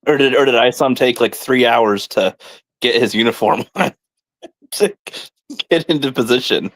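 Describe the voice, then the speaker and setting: Male co-host, mid pitch, rambly, laughs a lot, dry close mic. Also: moderate pace, fairly bright tone, no echo. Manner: laughs often, rambling, hesitant restarts. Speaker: podcast co-host. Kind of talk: casual comic review chat.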